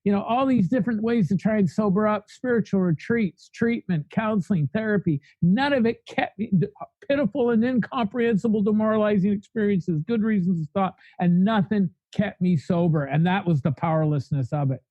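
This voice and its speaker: A man's voice: high-pitched, a little fast, no room sound, lo-fi sound. A man telling his recovery story in a podcast interview, blunt and fiery, speaking in long spoken lists. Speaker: guest sharing recovery story.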